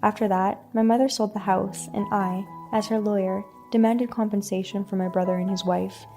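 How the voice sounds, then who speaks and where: A woman reading a first-person story in an even, scripted narration. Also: medium pitch, moderate pace, soft background music.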